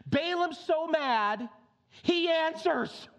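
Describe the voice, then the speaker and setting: A male pastor preaching a conversational sermon, reading scripture and breaking into lively asides. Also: very high voice, takes it slowly, gravelly.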